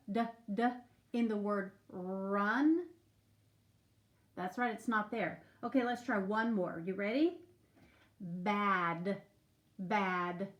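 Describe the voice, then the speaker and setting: Slow, patient woman teaching phonics. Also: on the high side. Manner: slow, patient, sing-song prompting with stretched-out sounds. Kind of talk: remote phonics lesson for young children.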